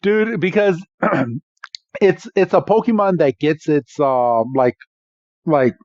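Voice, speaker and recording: Higher-voiced man recapping with laughs. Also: fairly even intonation, takes it slowly, a little mellow, no room sound, lo-fi sound. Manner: chatty, laughs often, many "like" fillers. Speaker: podcast co-host. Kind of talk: casual episode recap chat.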